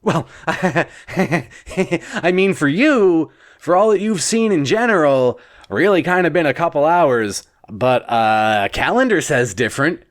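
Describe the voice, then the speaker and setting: A man's voice: on the high side, lively intonation, moderate pace, close to an everyday voice. A man voicing a dead office boss kept moving by strange bubbles, who talks in an offhand, rambling way.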